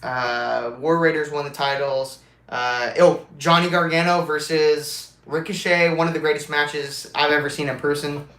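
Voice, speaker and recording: A young man vlogging as a wrestling fan, rambling and excitable with lots of fillers, a bit congested from allergies. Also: a little high, moderate pace, few pauses, echoey room. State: congested, with allergies and swollen mouth. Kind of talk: casual fan vlog.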